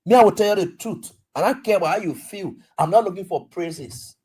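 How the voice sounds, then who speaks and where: A little fast and mid-range, with a breathy edge, this radio talk host speaks in a Liberian English accent through an animated political monologue, playing out dialogue and tossing off rhetorical questions.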